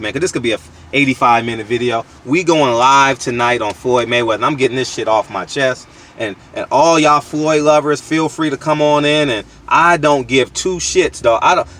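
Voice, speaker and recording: Dude venting hard to camera outside, slangy and cussing, kinda high voice, a bit off mic with faint traffic. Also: male voice, a bit bright, recorded from a distance. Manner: emphatic, repetitive restarts, slangy and profane. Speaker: channel host. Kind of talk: blunt opinion rant to camera.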